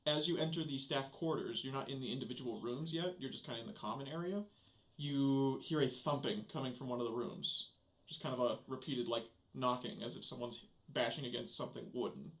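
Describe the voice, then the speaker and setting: A man running a tabletop game as game master, describing scenes in a relaxed, casual way. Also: medium pitch, brisk.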